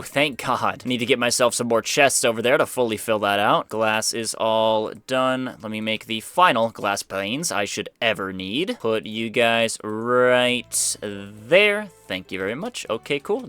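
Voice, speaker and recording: A man's voice: medium pitch, a bit bright. A young man giving casual, upbeat commentary on his own gameplay, talking to himself as he builds, into a desk mic at home. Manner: chatty, upbeat, talks to himself while building. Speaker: gaming YouTuber. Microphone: home desk microphone.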